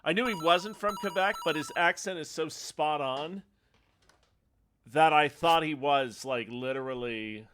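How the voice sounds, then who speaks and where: A man's voice: on the high side, a little slow, pushed and bright. A man streaming a retro game live, chatting casually in a rambling way and laughing often. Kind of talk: casual chat over gameplay. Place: home streaming setup.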